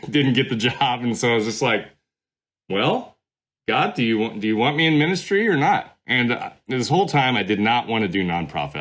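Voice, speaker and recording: Middle-aged man, low register, loose conversational storyteller who circles back and restarts. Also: a bit bright. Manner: rambling, many fillers and restarts. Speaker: podcast guest, former pastor. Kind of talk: casual storytelling interview.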